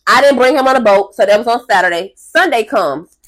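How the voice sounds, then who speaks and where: Animated, swearing woman telling a story. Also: fairly high pitch, brisk. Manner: animated, profane, acts out the people in her story. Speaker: vlogger telling a story to camera. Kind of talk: casual storytime monologue.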